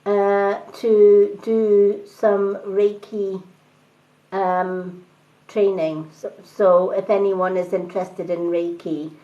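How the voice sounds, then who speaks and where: A woman's voice: medium pitch, little pitch movement, slow pace. A woman with a Scottish accent mixed with other British influences, giving chatty live-stream card readings and thanking her viewers. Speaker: tarot card reader. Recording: dull lo-fi sound with faint noise.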